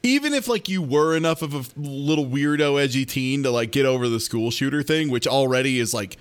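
Animated joking man, smooth voice. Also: mid-range voice, a little fast. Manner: animated, rambling, jokey. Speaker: podcast co-host. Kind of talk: casual chat.

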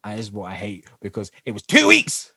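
Husky guy on a podcast, acts out the quotes, dry close sound. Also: on the low side, fairly quick, dry recording. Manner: animated storyteller who acts out quotes and laughs often. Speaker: guest, dancer, singer and actor. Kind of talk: casual interview chat.

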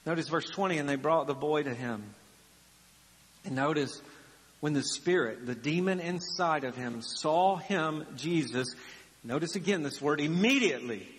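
A man's voice: on the high side, normal speed. A man preaching a sermon as a pastor, dramatic and acting out the voices in the story he tells. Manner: dramatic, acts out the biblical voices. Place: church sanctuary. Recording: long reverb of a church hall.

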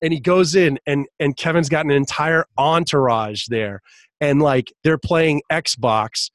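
A man's voice: a little high, unhurried, no room sound. A man in a casual podcast conversation, telling a long story full of restarts and fillers, laughing now and then. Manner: laughs while telling stories.

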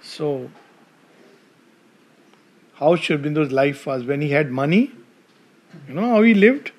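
A man's voice: fairly high pitch, a little slow. A man with an Indian English accent giving a devotional talk to an audience, telling stories and asking the listeners questions. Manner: animated storytelling, asks the audience questions. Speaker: spiritual speaker.

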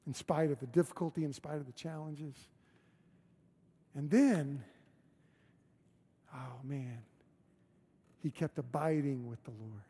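A man's voice: on the high side, slow pace, long pauses, dark tone, husky. A man preaching a sermon as pastor in a church, conversational and emphatic, with repeated phrases. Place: church sanctuary.

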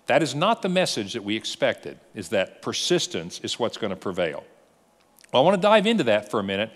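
Animated male pastor in a reverberant hall. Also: medium pitch. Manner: animated storyteller, acts out dialogue. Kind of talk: sermon teaching.

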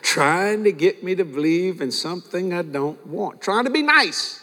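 High-voiced older male preacher in a hall. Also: normal speed. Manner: animated, storytelling with laughter and acted-out voices. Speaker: pastor. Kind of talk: sermon. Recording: long hall reverb.

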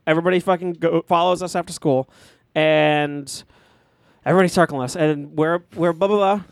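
A man's voice: a little high, fairly even intonation, brisk, creaky, dry recording, studio quality. A man from Massachusetts, telling a rambling, profane school story on a podcast and acting out the quotes. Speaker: podcast co-host. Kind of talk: casual storytelling chat.

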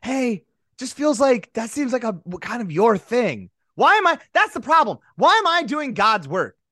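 Bright, animated podcast co-host. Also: medium pitch, normal speed, no room sound, clean studio sound. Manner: rambling, restarts, slips into mock voices. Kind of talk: casual chat.

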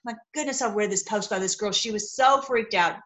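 A woman's voice: mid-range voice, a little fast, fairly bright tone, poor audio. A woman giving a casual, rambling Bible teaching, talking straight to her viewers and acting out the people she quotes.

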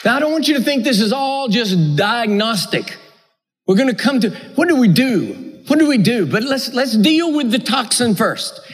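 High, animated male preacher in a hall. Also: moderate pace, slightly rough. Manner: emphatic, repetitive cadence. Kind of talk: sermon. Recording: echoey hall.

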